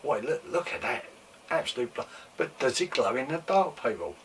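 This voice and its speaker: A man hosting his own toy collecting show, chatting casually and excitedly, repeating exclamations, swearing freely and losing his voice a bit. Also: medium pitch, normal speed, recorded from a distance. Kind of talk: casual show-and-tell chat. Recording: mic set back from speaker, faint room noise.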